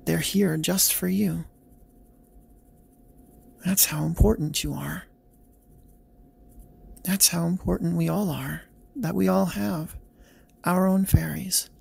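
A man reading as a gentle, reassuring girl. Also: high-pitched, fairly even intonation, slow pace, vocal fry, pauses often, breathy edge, full character voice.

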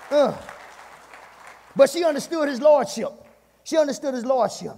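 High, gravelly man preaching hard. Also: expressive, normal speed, some chatter behind, slight background noise. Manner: fiery, shouts and chants, calls out to the congregation. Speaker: pastor. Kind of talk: sermon. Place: church sanctuary. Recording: long church reverb, congregation faintly behind.

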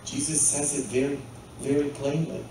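A man preaching a sermon as pastor, often pausing to ask the congregation "hmm?". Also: a little high, level tone, noisy background. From Poland. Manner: asks the congregation frequent rhetorical "hmm?" questions. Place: church. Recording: very echoey church, mic far off.

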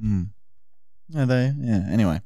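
Crude, joking podcast host. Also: male voice, on the low side, animated, measured pace, mellow, no room sound, studio quality. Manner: crude, joking, runs the game segment. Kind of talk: casual comedy podcast banter.

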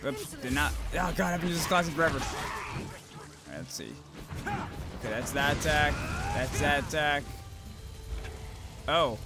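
Excitable high-voiced man swearing at a game. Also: unhurried, long pauses. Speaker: gaming channel host. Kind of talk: let's play commentary. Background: game music.

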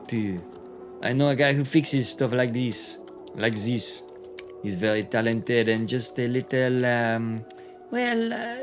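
A man voicing a chatty, helpful male robot in a game, with a put-on French accent and a halting way of speaking. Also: medium pitch. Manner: hesitant, halting with filler sounds.

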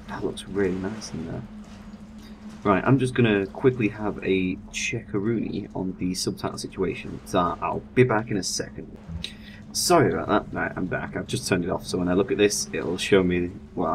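Excitable young gamer, noisy recording. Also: male voice, sits low, gravelly. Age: young adult. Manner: excitable, chatty, jokey. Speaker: let's play gamer. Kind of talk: gameplay commentary. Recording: steady background noise.

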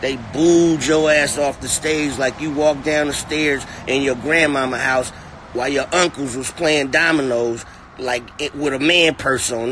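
A man's voice: fairly high pitch, slight background noise. A man giving a profane, mocking comedic rant, talking from inside a car. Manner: mocking, animated, repetitive. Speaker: comedic commentator.

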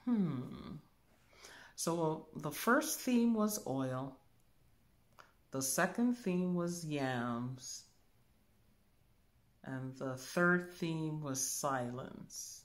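A woman spiritual teacher giving a calm demonstration, musing aloud and humming softly as she thinks. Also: sits low. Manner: slow, musing, thinks aloud with soft hums.

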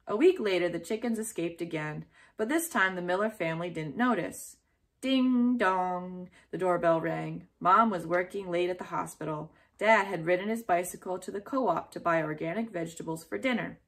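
Low-voiced woman reading a children's book. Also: moderate pace. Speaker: storyteller.

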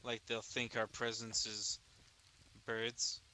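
A man role-playing in a game chat, theatrical, swinging between loud excitement and hushed solemn tones. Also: medium pitch, takes it slowly, crowd noise. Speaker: roleplaying torchbearer character. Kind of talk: improvised game role-play.

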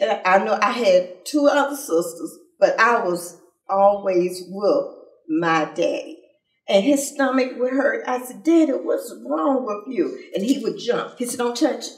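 An older woman gives an emotional personal testimony about her father, halting and tearful, often repeating herself. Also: medium pitch. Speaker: daughter of a civil rights leader. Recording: roomy sound from far off.

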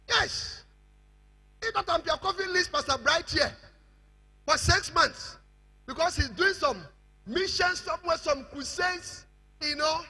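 A man with a Ghanaian accent preaching a fiery sermon, rising to shouts. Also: very high voice, creaky. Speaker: bishop preaching.

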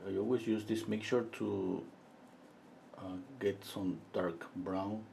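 A middle-aged man with a mellow, warm voice leads a live painting lesson. He talks through each step as he paints, pausing often and trailing off into fillers. Faint noise sits behind him. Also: lowish voice, gravelly. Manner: relaxed, thinking aloud while he paints, with frequent pauses and fillers; chats with viewers between steps. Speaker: painting instructor.

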